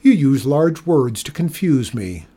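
A man with a husky voice reading the lines of a proud, harsh old fisherman in a storybook. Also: mid-range voice, big pitch swings, a little slow, mellow. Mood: resentful. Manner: scornful, harsh.

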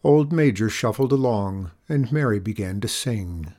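Guy reading a kids' story out loud, gentle and expressive. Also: lowish voice, unhurried. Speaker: narrator. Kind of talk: storybook read-aloud.

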